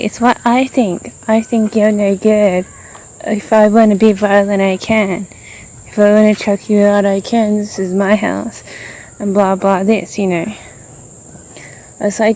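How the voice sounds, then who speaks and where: A woman's voice: mid-range voice, fairly even intonation, unhurried, dark tone, slight background noise. A woman vlogging outdoors as she walks around, rambling and frustrated, full of fillers. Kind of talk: venting vlog monologue.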